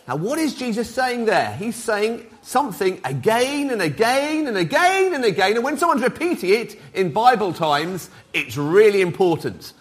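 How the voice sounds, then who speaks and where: A middle-aged man preaching an all-age sermon, lively and interactive, drawing the congregation in. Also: high voice, moderate pace, few pauses. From Wales. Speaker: pastor.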